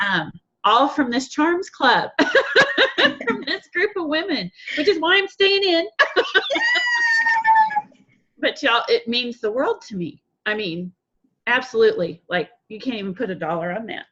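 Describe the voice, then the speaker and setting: A woman's voice: a little high, lively intonation, a little slow, pauses often, a bit bright, lo-fi sound. Tearful, effusive woman on a call. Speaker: program participant. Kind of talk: emotional group call testimonial.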